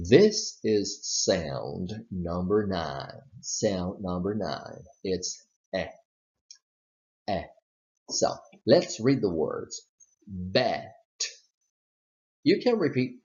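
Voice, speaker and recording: A man gives an English pronunciation lesson, explaining stress patterns step by step. His voice sits fairly low and he takes his time. The recording has a dull, slightly muffled quality. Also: big pitch swings, a little mellow. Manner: slow, explaining step by step with spoken examples.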